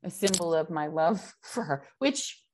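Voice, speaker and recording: A middle-aged woman in casual chat, telling a family story with animated quoted voices. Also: fairly low pitch, unhurried.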